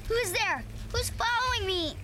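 Frightened little boy, very high bright voice, pleading, radio drama, faint music. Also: expressive, unhurried, full character voice. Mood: scared. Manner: panicky, pleading, breathless. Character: frightened young schoolboy.

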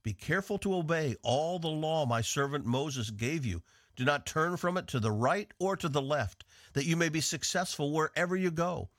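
A man from the northeastern United States teaching a devotional on the radio in an earnest, measured way. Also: fairly high pitch, fairly bright tone, dry recording, studio quality. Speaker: radio Bible teacher and host.

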